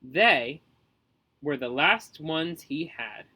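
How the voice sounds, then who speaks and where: A doting, fussy mother who coos and coddles with a lifted, lilting voice, as a male narrator puts her on. Her speech is bright and gushing, full of endearments. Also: fairly high pitch, lively intonation, extremely slow, slightly rough, exaggerated voice, rough recording. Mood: cheerful.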